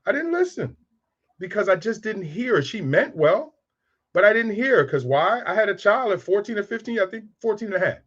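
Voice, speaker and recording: A man's voice: high-pitched, sing-song, brisk, fairly bright tone, slightly rough, dull audio. A man in his fifties telling frank, streetwise stories about raising boys. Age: 50s. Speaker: speaker on raising sons. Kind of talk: candid storytelling talk.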